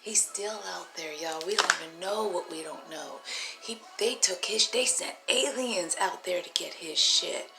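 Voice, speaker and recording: A woman telling a rambling personal story in a casual vlog, animated and profane, laughing often. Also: fairly low pitch, a little slow, loud music behind the voice. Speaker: vlogger. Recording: roomy echo.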